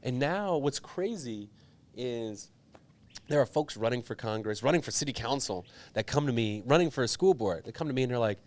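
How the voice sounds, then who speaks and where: A man's voice: medium pitch, normal speed. Earnest young man telling a story. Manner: earnest, animated storytelling with many fillers. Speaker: politician guest. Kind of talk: storytelling interview.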